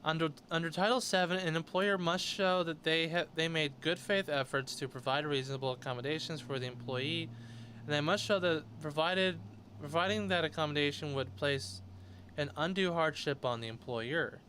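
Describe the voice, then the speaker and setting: A man's voice: on the high side, moderate pace, a bit bright, slight background noise. Blunt, sarcastic male news commentator. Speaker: host. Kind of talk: news commentary, reading articles aloud.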